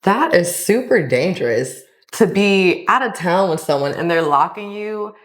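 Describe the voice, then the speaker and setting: A woman's voice: lowish voice, animated, measured pace. A woman co-hosting a story-reaction show, giving emphatic, firm opinions. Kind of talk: casual commentary.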